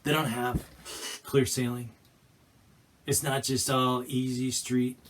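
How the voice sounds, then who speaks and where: A male pastor preaching a sermon in an animated way, acting out scenes and restarting phrases mid-sentence. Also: medium pitch, slow pace, slight background noise. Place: church.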